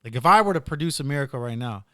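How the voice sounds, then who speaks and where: A man's voice: medium pitch, animated, racing, sharp tone, no echo, clean studio sound. A man hosting a casual podcast, rambling through retold stories with plenty of "dude" and "like". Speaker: podcast host.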